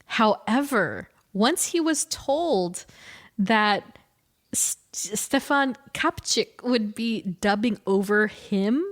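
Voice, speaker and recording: A woman in her forties co-hosting a casual podcast chat, telling stories animatedly and correcting herself as she goes. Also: mid-range voice. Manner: animated storyteller, quick self-corrections. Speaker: podcast co-host.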